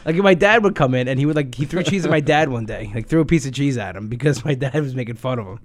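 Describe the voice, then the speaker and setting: A young man telling crude workplace stories in casual chat, laughing and acting out gruff quotes. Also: medium pitch, fast talker.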